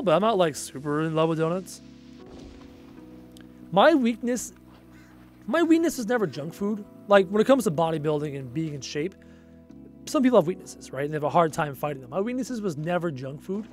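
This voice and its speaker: A man's voice: fairly high pitch, sing-song, fairly quick, soft background music. A young Canadian man with a Canadian accent, chatting casually on a gaming livestream, thinking aloud and answering viewer comments. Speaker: livestream gamer.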